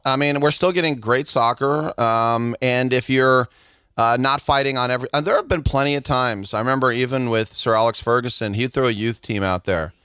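A middle-aged man co-hosting a podcast, chatting excitably about sports in a rambling way. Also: medium pitch, a little fast, smooth, no echo, studio quality. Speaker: podcast co-host. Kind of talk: casual sports chat.

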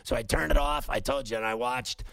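Gravelly guy venting hard on a sports show, dry close sound. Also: medium pitch, brisk, a bit bright, no room sound. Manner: ranting, heated, repetitive. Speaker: host. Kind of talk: opinionated sports talk monologue.

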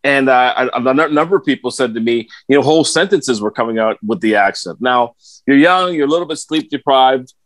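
A man's voice: medium pitch, lively intonation, brisk, no room sound. Stammering middle-aged podcast man, dry and close. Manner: storytelling, stammers and repeats words. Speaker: podcast co-host. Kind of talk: casual chat.

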